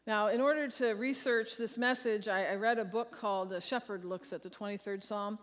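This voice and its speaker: A woman's voice: mid-range voice, expressive, fairly quick, hardly any pauses. A woman pastor preaching a sermon to her congregation and leading them in a shared recitation. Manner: leads congregation in reciting a psalm. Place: large church sanctuary. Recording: long hall reverb.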